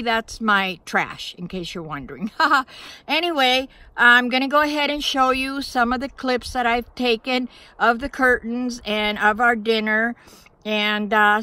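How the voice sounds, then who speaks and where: A woman's voice: sits high, animated, unhurried, bright, forceful tone, no room sound. A woman vlogging outdoors from her van campsite in the woods, talking to her viewers in an earnest, grateful, chatty way. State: out of breath. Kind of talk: casual vlog talk to camera.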